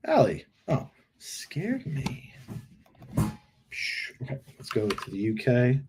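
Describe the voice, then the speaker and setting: A middle-aged man hosts a live screen-share critique of product listings, joking and thinking aloud as he edits images on screen. His mid-range voice swoops wildly in pitch and sounds a little mellow, and he takes it slowly with long pauses. There's a slight hiss or hum on the recording.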